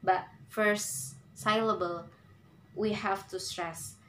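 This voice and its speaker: Very slow, halting woman presenting. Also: mid-range voice, steady tone, a bit bright, a little hiss or hum, poor audio. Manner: halting, many pauses and fillers. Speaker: student presenter. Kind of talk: class presentation on English stress.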